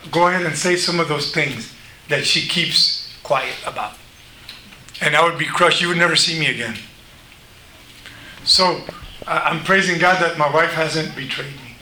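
Male preacher, high-pitched and bright, animated conversational sermon, echoey hall. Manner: conversational, animated, acts out quoted voices. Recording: echoey room, faint noise.

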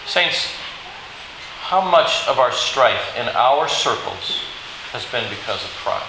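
A man preaching a sermon, telling a Bible story in an animated way and acting out the quoted lines. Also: medium pitch, takes it slowly, vocal fry. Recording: very echoey hall with faint hiss.

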